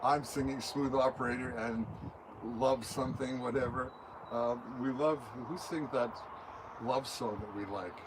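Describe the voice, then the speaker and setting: A man's voice: mid-range voice, a little slow. Older male musician, mid-range voice, chatty rambling interview answers, studio room with audible background noise. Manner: rambling, anecdotal, talks with his hands through examples. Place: recording studio.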